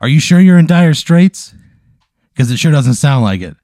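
A man voicing a menacing cigar-smoking gangster in a Cadillac who speaks slowly and quietly. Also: a little high, big pitch swings, no echo, studio quality, voice pushed up. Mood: mocking.

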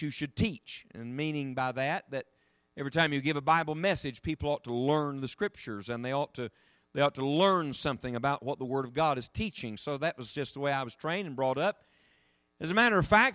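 Emphatic preacher man, fairly high voice. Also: no room sound, studio quality. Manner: animated, emphatic preaching with rising and falling delivery. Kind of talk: sermon.

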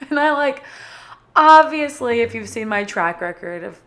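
A woman's voice: fairly high pitch, animated, a little slow, a bit bright. A young woman casually telling a personal story to her viewers, bubbly and chatty, with lots of "like" fillers. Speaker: vlogger.

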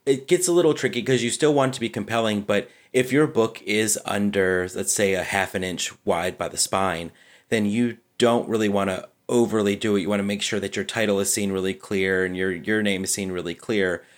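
A man co-hosting a podcast, calmly explaining book cover design in an easygoing way, with many "you know"s and restarts. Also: fairly low pitch, fairly quick. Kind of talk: casual explanatory chat.

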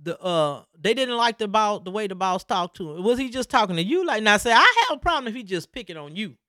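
Emphatic, animated woman in casual chat. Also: medium pitch, fairly quick, no room sound, clean studio sound. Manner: emphatic, preachy, animated storytelling.

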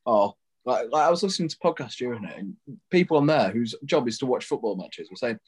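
A man's voice: mid-range voice, expressive, quick pace, darkish tone, husky. Man arguing his point animatedly. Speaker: podcast co-host. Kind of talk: casual football podcast chat.

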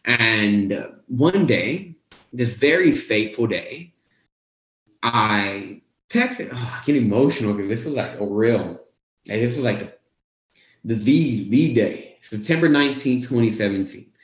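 A young man talks straight to his viewers about his own turnaround, casual and lively, slipping into the voices of his past self. His voice sits in a middle range. A roomy echo hangs around it. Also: mid-range voice, a little slow. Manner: animated, casual, acts out his own quotes. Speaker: weight-loss coach. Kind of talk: motivational storytelling to viewers.

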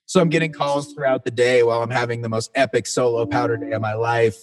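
A relaxed man telling stories as a podcast guest, his voice sitting at a middle pitch. He talks loosely and casually, drops curse words freely, and keeps calling the listener "man" or "dude". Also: fast. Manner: laid-back, swears freely, says "man" and "dude" often. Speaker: band singer, podcast guest. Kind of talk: casual storytelling chat.

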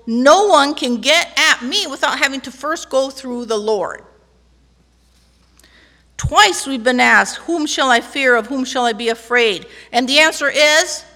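A woman's voice: high-pitched, sharp tone. A woman pastor preaching a sermon in a church sanctuary, emphatic, leading the congregation in call-and-response. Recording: long church hall reverb.

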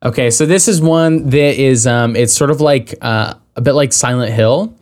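A man's voice: mid-range voice, moderate pace, a little mellow. A young man in casual chat about games, hesitant and laughing often.

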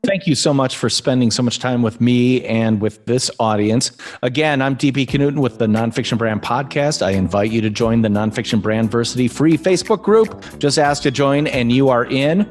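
A man's voice: mid-range voice, moderate pace. A man hosting a podcast, thanking his guest and signing off in a friendly, practiced manner. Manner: friendly, with a scripted-sounding outro. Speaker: podcast host. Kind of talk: podcast interview and sign-off.

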